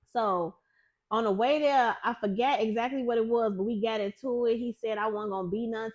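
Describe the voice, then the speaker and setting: A woman hosting a podcast, chatting casually and telling a story with loud, acted-out quotes. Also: on the high side, a little fast, highs cut off. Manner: animated storyteller, acts out quotes loudly; says "finna" and "type shit", casual and profane. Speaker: podcast host; nurse manager who makes content on the side. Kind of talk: casual chat.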